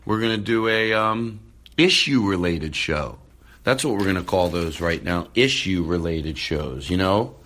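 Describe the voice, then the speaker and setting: Excitable male podcast host, bright voice, rambling restarts, phone recording. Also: low-pitched, unhurried. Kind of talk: casual podcast talk. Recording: phone recording, far from the mic.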